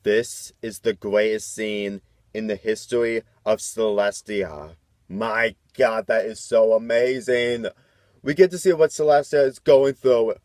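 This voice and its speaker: A man giving fan reaction commentary, fast and excitable. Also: lowish voice, no echo, faint music behind. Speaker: fan reviewer.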